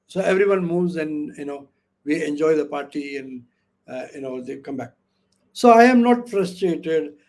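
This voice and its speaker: A man giving an interactive online lecture, often asking the audience questions and filling with "okay" and "you know", speaking over a video call microphone. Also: a little high. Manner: acts out quoted speech with lively voices. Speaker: webinar trainer.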